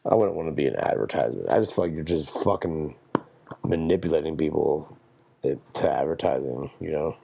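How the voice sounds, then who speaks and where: A man's voice: low voice, gravelly, warm tone. A young man hosting a solo podcast, rambling and swearing through a jokey, meandering monologue. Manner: profane, meandering, jokey storytelling. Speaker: podcast host.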